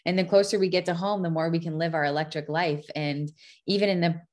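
A woman with a somewhat low voice hosts a podcast. She talks in a chatty, enthusiastic way, with loose phrasing and easy fillers. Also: steady tone, fast. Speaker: podcast host. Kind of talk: casual podcast conversation.

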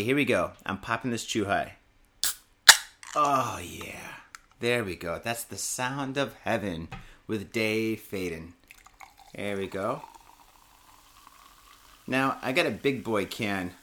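A man's voice: on the low side, a little slow, pauses often, sharp tone, slight background noise. A man hosting a podcast, telling rambling, profane stories in casual chat. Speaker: podcast host.

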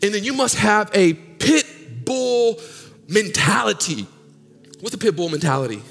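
A male pastor preaching a sermon, swinging from loud sung peaks down to low murmurs in call-and-response style. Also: lively intonation, a little slow, creaky. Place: church sanctuary. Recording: long hall reverb with faint music.

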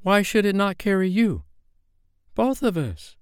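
A man's voice: medium pitch, moderate pace, a little mellow, smooth, dry recording, clean studio sound, voice pushed up, close to an everyday voice. A man voicing a brave young boy who never grows up, speaking earnestly and faintly in a storybook reading. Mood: eager.

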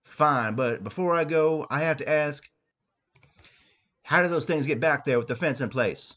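A man's voice: a little high, normal speed, a bit bright, voice pushed up. A man doing a mouthy, sarcastic teenage son. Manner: whiny, talking back.

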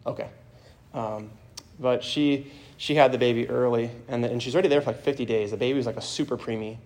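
A man's voice: medium pitch, steady tone, a little fast, darkish tone. A man preaching a homily as a priest, telling a story in an earnest, plain way.

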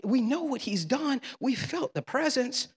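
A man voicing frightened disciples in a boat, speaking in a hushed, awed way. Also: very high-pitched, expressive, measured pace, breathy edge, voice pushed up, exaggerated voice.

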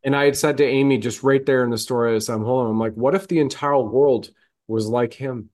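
A man's voice: mid-range voice, fairly even intonation, fairly quick, a little mellow. A man in casual podcast chat, telling a moving story earnestly, his voice catching as he fights tears.

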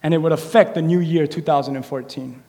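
A man preaching a sermon in a church, animated and conversational, acting out little quotes as he goes. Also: fairly high pitch, quick pace. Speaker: pastor. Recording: echoey hall reverb.

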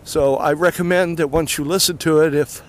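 A man walking fast and a little out of breath, rambling casually with many fillers as he introduces clips. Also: a little high, steady tone. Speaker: podcast host. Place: outdoors near traffic.

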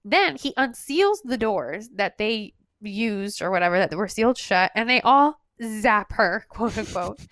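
A young woman co-hosting a podcast, recapping a story in chatty, sarcastic casual talk, her voice going hoarse. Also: mid-range voice, expressive, unhurried, few pauses, a bit bright, no room sound. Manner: chatty, sarcastic, lots of fillers. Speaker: podcast co-host.

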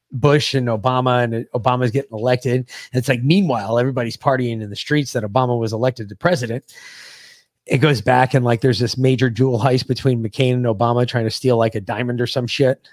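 A man's voice: medium pitch, darkish tone, dry recording, studio quality. A man co-hosting a podcast, chatting casually and crudely, joking and swearing often. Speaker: podcast co-host. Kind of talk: casual political chat.

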